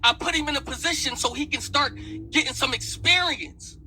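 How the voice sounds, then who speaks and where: A man's voice: very high-pitched, moderate pace, pushed and bright, slight background noise, low-quality recording. A man heatedly retelling an argument, repeating "I said" as he goes. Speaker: battle rap league owner. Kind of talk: heated storytelling in an interview.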